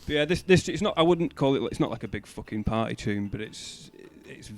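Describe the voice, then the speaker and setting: A man's voice: medium pitch, animated, fairly quick. A man co-hosting a casual music show, swearing, laughing and giving blunt opinions. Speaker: podcast co-host. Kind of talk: casual chat about music.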